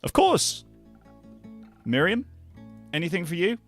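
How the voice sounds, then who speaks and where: A man's voice: high-pitched, sing-song, slow pace, dry recording, voice pushed up, heavily acted. A man reading the lines of a friendly tavern keeper in a video game in a cheerful, slightly raised voice, with light music behind.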